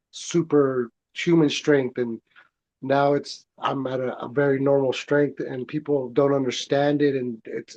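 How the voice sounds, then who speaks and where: Earnest reflective man, mid-pitched voice. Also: darkish tone, dull audio. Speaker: guest. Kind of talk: casual chat.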